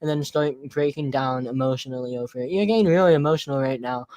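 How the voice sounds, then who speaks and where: A young man arguing as a guest in a heated debate, dismissive and taunting, with curt, flat replies. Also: mid-range voice, fast talker, dry recording.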